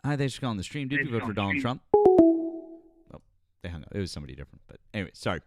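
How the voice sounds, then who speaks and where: A man's voice: on the low side, sing-song, fast talker, loud music behind the voice. A man hosting a live call-in politics stream, sarcastic and cutting in over callers. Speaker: host.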